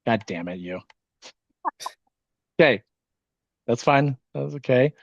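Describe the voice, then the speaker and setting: Jittery team-leader guy on a video call, rapid casual talk with lots of swearing, mid-pitched voice, dry and a bit dull audio. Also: lively intonation, gravelly, no room sound. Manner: fast, casual, swears often. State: nervous and wired on caffeine. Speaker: insurance sales team leader. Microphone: video call microphone.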